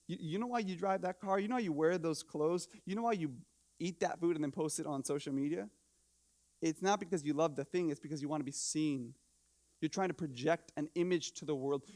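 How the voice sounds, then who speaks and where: High-voiced animated male preacher. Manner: animated, conversational preaching with repeated rhetorical questions and many restarts. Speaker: pastor. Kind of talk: sermon. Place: church.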